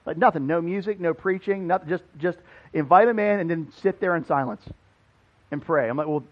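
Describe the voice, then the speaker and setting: A high-voiced man preaching in a church, a pastor who tells his sermon as a loose, animated story. He talks casually and leans on "like" as he goes. The sound is somewhat dull and lo-fi. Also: fairly quick. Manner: conversational, animated, many "like" fillers. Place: church building.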